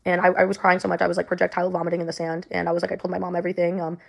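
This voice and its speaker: A woman's voice: lowish voice, monotone, rapid-fire, creaky. A young woman telling a personal story in a rambling way, full of "like" and "um". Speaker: storyteller in a clip.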